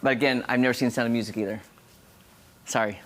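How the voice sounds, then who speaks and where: A man's voice: mid-range voice, steady tone, quick pace. A man hosting a morning TV show, chatting casually in the studio and reading viewer comments.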